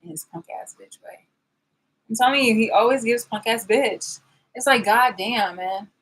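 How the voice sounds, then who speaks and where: A woman's voice: a little high, moderate pace, a bit bright, breathy edge, rough recording. A woman vlogger in a rambling, sarcastic rant, swearing and restarting her sentences as she calls people out. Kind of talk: confrontational vlog rant.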